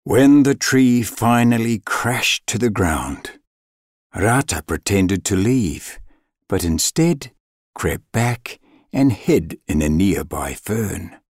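A man reading a legend aloud as storybook narration, slow and expressive with dramatic pauses. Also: fairly low pitch, no echo, clean studio sound.

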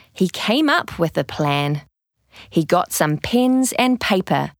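Slow, expressive woman reading a storybook. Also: deep voice, no echo, clean studio sound. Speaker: narrator. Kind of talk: reading a picture book aloud.

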